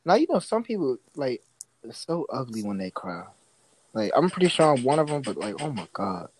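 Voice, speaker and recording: A man's voice: medium pitch, big pitch swings, normal speed, breathy edge, low-quality recording. A man co-hosting a casual podcast, joking around and acting out little quotes. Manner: playful, jokey, acts out little quotes. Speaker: podcast co-host.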